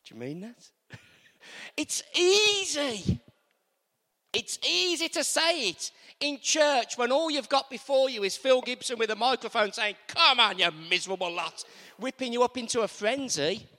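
Male preacher, high lively voice, hall reverb, call-and-response sermon. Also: unhurried. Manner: animated, repetitive call-and-response with congregation. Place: church.

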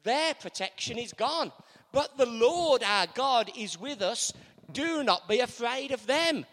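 Animated preacher in a reverberant church. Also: male voice, very high-pitched, unhurried. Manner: animated, repetitive call-and-response with congregation. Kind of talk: sermon.

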